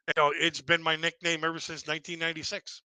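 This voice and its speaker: A man's voice: a little high, sharp tone, smooth, dry recording, poor audio. A middle-aged man telling a stand-up story on a live stream, rambling and repeating himself, acting out other people in raised voices. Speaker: stand-up comedian.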